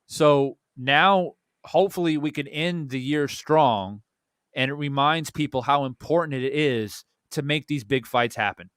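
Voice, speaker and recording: A fairly high-voiced young man hosts a boxing talk show from close to the mic in a dry room, with no echo. He tells stories in an animated way, restarts his sentences a lot and swears casually. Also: a little slow, clean tone. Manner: animated storytelling with many restarts and repeated words. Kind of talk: casual chat.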